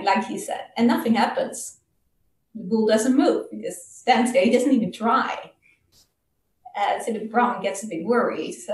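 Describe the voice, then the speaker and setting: Woman giving a Dhamma talk, casual storytelling, mid-pitched, roomy echo, mic far off. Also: darkish tone. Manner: casual, halting, many fillers. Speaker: Dhamma speaker.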